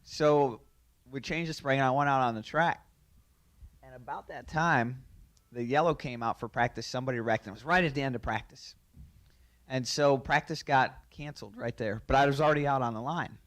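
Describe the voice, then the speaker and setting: A man recounts a racing mishap in an animated storytelling manner, his voice sitting in a middle pitch. He chuckles through the telling and keeps the story rolling. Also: a little fast. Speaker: racing driver. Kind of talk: storytelling anecdote.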